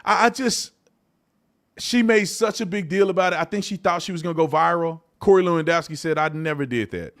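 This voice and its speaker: Brisk and colloquial, this live-stream talk show host lurches between loud bursts and quiet mumbling, frequently saying the same thing again.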